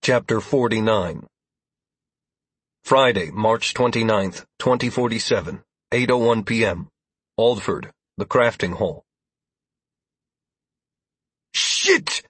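A man narrating a first-person fantasy audiobook in a measured, even storytelling manner, with a husky voice. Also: on the low side, no echo.

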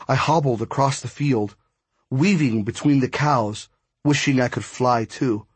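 A man narrates an audiobook in steady first-person storytelling. His voice is husky and middle-pitched. The sound is dry, with no room echo. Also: measured pace.

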